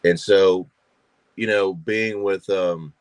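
This podcast guest, an actor and filmmaker from Georgia in the US, speaks in a deep, smooth voice with fairly even intonation and a slow pace. He's a chatty storyteller who leans on fillers and repeats himself often, and the recording is dry.

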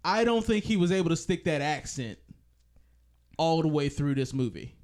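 A man co-hosting a casual movie podcast, his voice pitched high and swinging widely. He laughs often and insists on finishing his point. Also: lively intonation, normal speed, darkish tone. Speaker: podcast co-host. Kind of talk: casual movie-review chat.

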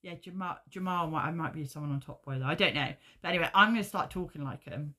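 A woman co-hosting a podcast, talking quickly in a low voice. She chats casually and swears freely. She drifts into animated stories and acts out what other people said. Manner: swearing, animated storytelling with acted quotes. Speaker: podcast co-host. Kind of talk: casual chat.

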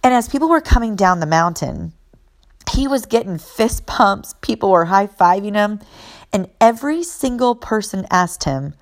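A woman's voice: medium pitch, animated, moderate pace. A woman speaking in an earnest, emphatic motivational monologue, driving points home by repeating phrases. She talks like a fitness and mindset coach sharing a personal story.

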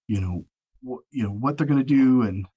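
Here a male audiobook narrator chats as a podcast guest at a moderate pace, his mid-range voice mellow and husky. His talk wanders, packed with fillers and frequent restarts, and the recording is low quality.

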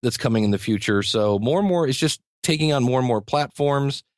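A man's voice: mid-range voice, expressive, brisk, no room sound, studio quality. Enthusiastic man, rambling guest. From United States. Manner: rambling and enthusiastic, many restarts and chuckles. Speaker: podcasting teacher, guest. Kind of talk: conversational interview.

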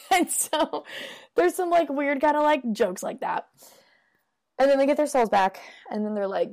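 A woman's voice: sits high, a little slow, creaky, pauses often, darkish tone. A woman casually recapping a movie in a rambling way, with lots of "like" fillers. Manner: rambling, peppered with "like".

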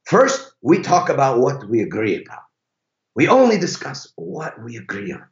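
A man's voice: medium pitch, wildly swooping pitch, moderate pace, echoey room, dull audio. A man voicing an older Italian taxi driver with an exaggerated, put-on Italian accent, telling a wry story about his long marriage. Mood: rueful.

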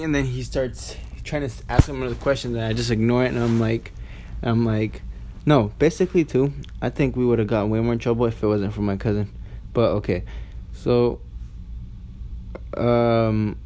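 A man's voice: medium pitch, dark tone, a little hiss or hum. Rambling, profane eighteen-year-old guy. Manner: rambling, profane, full of "like" and restarts. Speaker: storyteller. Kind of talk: casual storytime monologue.

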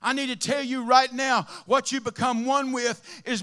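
A man preaching a sermon with speech, swinging between impassioned shouting and quiet, intimate asides. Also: very high-pitched, little pitch movement, normal speed. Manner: impassioned, shouting at peaks, then dropping to a murmur.

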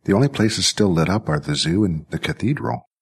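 Polite formal robot zookeeper, narrator guy doing it, really deep, calm, measured. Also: vocal fry, slightly rough, full character voice.

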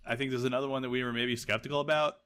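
A man's voice: mid-range voice, steady tone, racing, bright, forceful tone, clean tone. A man co-hosting a casual podcast chat, rambling with lots of fillers and laughing often. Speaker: podcast co-host.

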